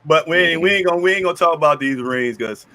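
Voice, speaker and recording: A man's voice: a little high, quick pace, bright, forceful tone, no room sound. A man co-hosting a casual sports podcast, stammering and slangy. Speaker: podcast co-host.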